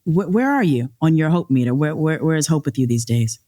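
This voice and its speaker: A woman's voice: low voice, animated, brisk, mellow. A woman hosting an interview podcast, affirming her guest with frequent agreement and easy laughter as she asks her questions. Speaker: podcast host. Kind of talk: conversational interview.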